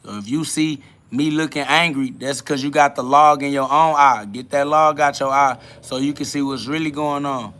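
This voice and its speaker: A man's voice: mid-range voice, steady tone, normal speed, few pauses, bright, forceful tone. A man hosting a livestream, answering chat comments in a combative, dismissive way and swearing a lot. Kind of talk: profane spiritual livestream rant.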